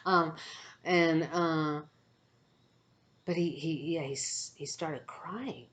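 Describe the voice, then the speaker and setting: A woman's voice: low-pitched, fairly even intonation, takes it slowly, a bit bright. A woman who is an empath, telling a spiritual story to camera with hesitant phrasing, many fillers and frequent "okay?" check-ins.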